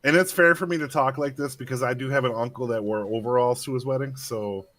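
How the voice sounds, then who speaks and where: A man's voice: medium pitch, fast talker. A man co-casting an esports match, giving play-by-play commentary in a joking, easygoing way. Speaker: esports co-caster. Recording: steady background noise.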